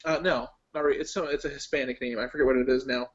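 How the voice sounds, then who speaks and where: A man's voice: mid-range voice, fairly even intonation, fast, slight background noise. A man in casual chat as a guest, opinionated and rambling, with lots of ums and likes. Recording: lo-fi online call audio.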